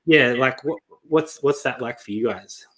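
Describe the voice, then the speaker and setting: A man with an Australian accent co-hosting a casual live-stream chat, relaxed and asking his guests questions. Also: mid-range voice, unhurried. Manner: relaxed, chatty, asks questions. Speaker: co-host.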